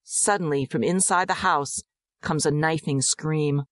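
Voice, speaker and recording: A woman narrating a dramatized audiobook in a measured, descriptive way. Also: sits low, no echo, studio quality.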